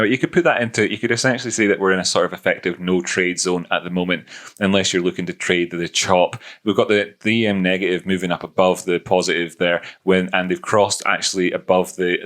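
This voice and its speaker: A man's voice: deep voice, fairly bright tone. A man hosting a trading channel, talking casually through chart analysis in a rambling, self-correcting way with joking asides.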